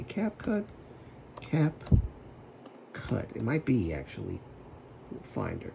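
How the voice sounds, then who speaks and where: Low gravelly man rambling on stream. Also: huge pitch swings, slow, pauses often, noisy background. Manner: rambling, self-talking. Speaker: livestreamer. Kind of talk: casual stream chat while using a computer.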